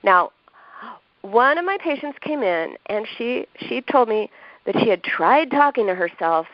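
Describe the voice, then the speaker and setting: A woman's voice: fairly high pitch, very animated, unhurried, no room sound. A woman who is a doctor and author, explaining ideas as a podcast guest, acting out what people say. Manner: warm, explanatory, acts out quoted speech with laughs. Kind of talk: advice in a podcast interview. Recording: dull lo-fi sound.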